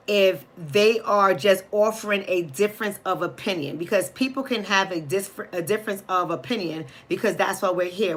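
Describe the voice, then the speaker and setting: A woman with a New York accent and a mid-range, slightly bright voice hosts a live commentary stream. She is blunt and outspoken, talking straight to her chat.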